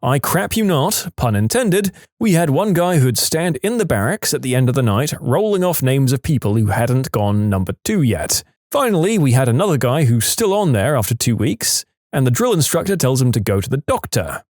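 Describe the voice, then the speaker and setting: A man narrating reddit stories aloud in a lively storytelling manner, with brief voiced quotes. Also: mid-range voice, moderate pace, no room sound, clean studio sound.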